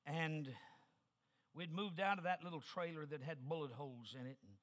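A man's voice: a little high, normal speed, a bit bright. An older man from New Mexico preaching an emphatic revival sermon as guest preacher, with personal stories and repeated calls to the listeners.

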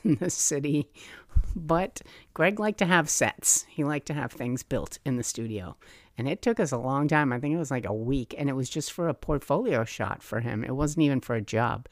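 Woman telling her own story on a podcast, lively, plays out voices, dry close mic. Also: extremely low pitch, dry recording. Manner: animated, acts out remembered voices. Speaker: podcast host. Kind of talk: personal storytelling.

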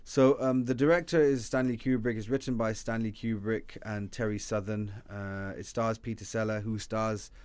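A man's voice: on the low side, steady tone, normal speed, few pauses, darkish tone, clear, resonant tone, no echo. A man co-hosting a casual film review chat, rambling with many restarts and fillers. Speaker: podcast co-host.

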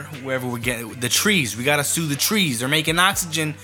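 A man's voice: fairly high pitch, fairly quick, pushed and bright, faint music behind. A man in his fifties ranting sarcastically in a casual talk, heated and swearing. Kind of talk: casual rant.

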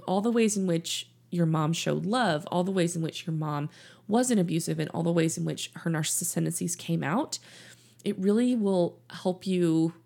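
A middle-aged woman hosting a podcast as a life coach, speaking in an earnest, personal and gently instructive way. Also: fairly low pitch, vocal fry. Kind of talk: reflective podcast monologue. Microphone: studio mic in her office.

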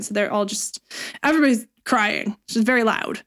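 A woman's voice: a little high, steady tone, moderate pace, fairly bright tone. Chatty woman, laughing. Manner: chatty, laughing, paraphrases lines irreverently. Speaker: podcast co-host retelling a play. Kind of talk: casual chat.

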